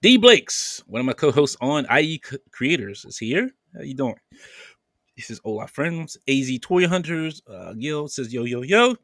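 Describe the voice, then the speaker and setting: On a clean studio recording with no room sound, a man hosts a podcast, breezily reading out viewer comments with lots of laughter and playful back-and-forth. His voice is medium in pitch and fairly bright, swinging widely up and down at a moderate pace.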